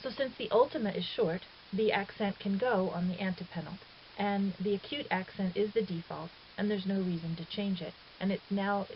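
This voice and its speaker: A woman teaching a recorded grammar lesson, explaining step by step in a patient, methodical way. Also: medium pitch. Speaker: Greek teacher. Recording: dull lo-fi audio with faint hiss.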